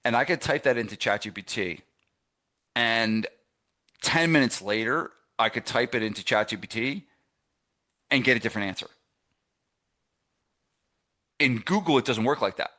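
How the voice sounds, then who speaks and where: A man's voice: medium pitch, animated, moderate pace, sharp tone. A middle-aged man from New Jersey coaching gym owners through a live masterclass, rambling and conversational with many fillers and restarts. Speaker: fitness business coach.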